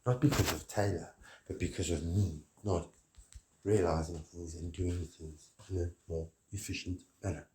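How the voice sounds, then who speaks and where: A man's voice: low voice, fairly even intonation, moderate pace, warm tone, a little hiss or hum. A man delivering a rambling, grandiose monologue, preachy and swearing often.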